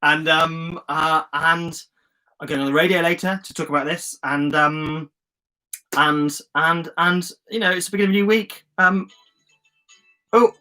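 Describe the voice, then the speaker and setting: Over a live stream captured on a webcam or phone, an English man hosts an online journaling session at a measured pace. His fairly high voice stays upbeat as he coaches warmly, keeps things loose, and enthusiastically reads out and cheers on viewer comments.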